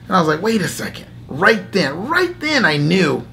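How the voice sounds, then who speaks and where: Animated man telling a faith story. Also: high-pitched, moderate pace, creaky, a little hiss or hum. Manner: animated storyteller acting out inner dialogue; laughs often between phrases. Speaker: host. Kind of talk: casual spoken testimony.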